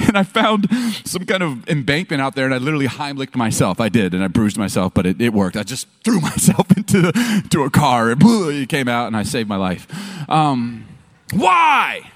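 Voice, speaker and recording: A man preaching from a stage, telling stories with humor and acting out what people say. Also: a little high. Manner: animated storytelling, acting out quotes. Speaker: pastor. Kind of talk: sermon. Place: stage before an audience.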